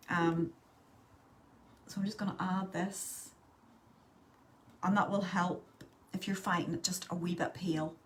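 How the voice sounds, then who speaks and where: A woman's voice: mid-range voice, slight background noise. Chatty woman doing live makeup. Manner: chatty, reads out and answers live viewer comments. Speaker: makeup tutorial host. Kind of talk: casual live makeup tutorial chat.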